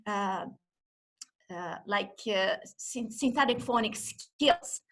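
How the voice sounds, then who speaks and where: High, lively woman teaching. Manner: slow, exaggerated classroom talk, sounding out letters. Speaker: teacher trainer. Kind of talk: online teaching demonstration. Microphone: video call.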